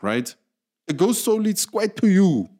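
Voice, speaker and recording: A South African man in the middle of an angry rant, pushing hard on his words. He trips over himself with restarts, jumps up into loud, high outbursts and drops back down into low, muttered asides. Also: big pitch swings, moderate pace. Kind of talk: casual ranting commentary.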